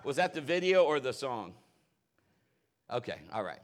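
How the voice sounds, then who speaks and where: A middle-aged man preaching a sermon as pastor, telling personal stories in an animated, joking way. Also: medium pitch, moderate pace.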